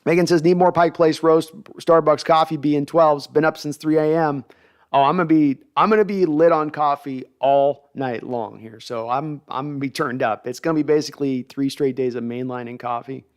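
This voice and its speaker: Middle-aged guy on a live stream, hyped and rambly, reads chat out loud. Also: a little high, moderate pace, clear, resonant tone. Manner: animated, hyped, rambling with restarts. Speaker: host of a live draft stream. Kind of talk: live-stream chat, reading viewer comments.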